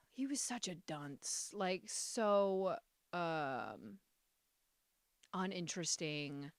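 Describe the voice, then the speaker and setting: Animated sarcastic young woman podcaster. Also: fairly low pitch, very slow, pauses often, dry recording. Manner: animated, sarcastic, swings from muttering to loud outbursts. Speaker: podcast host. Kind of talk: casual solo podcast rant.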